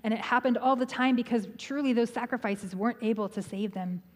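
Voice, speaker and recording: A middle-aged woman pastor with a higher, brisk voice preaches a sermon in a church, captured on a rough recording with loud background noise. She's conversational, restarting phrases and tossing in humorous asides.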